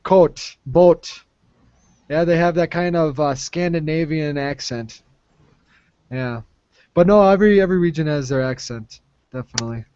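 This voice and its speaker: A man's voice: a little high, moderate pace, a little mellow, clean tone. A man hosting a casual group conversation on a video call, speaking in a friendly, easygoing way with fillers and restarts. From Minnesota. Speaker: host of a language exchange call. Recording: muffled online call audio.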